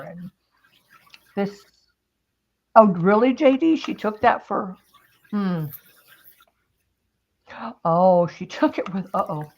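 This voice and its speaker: Chatty woman host, rambling storyteller, mid-pitched, lo-fi sound. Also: expressive, slow, long pauses. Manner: rambling storyteller, many restarts. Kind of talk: casual chat while crafting.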